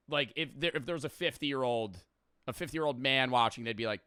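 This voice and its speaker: A young man casually reacting to a comedy video, rambling, animated and swearing freely. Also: mid-range voice, a little fast, smooth, no echo.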